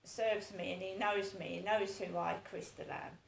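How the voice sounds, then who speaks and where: Gravelly aggrieved woman in her fifties. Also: mid-range voice, fairly even intonation, normal speed, reverberant, a little hiss or hum, poor audio. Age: 50s. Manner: aggrieved, rambling, repetitive. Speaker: vlogger. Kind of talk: casual monologue.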